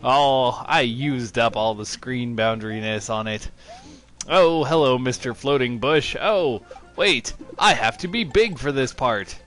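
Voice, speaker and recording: A man talks over a video game in a slow, unhurried drawl, full of sarcastic, mock-excited remarks. Faint game music plays underneath his voice. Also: medium pitch. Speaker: let's-play commentator. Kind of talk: sarcastic gameplay commentary.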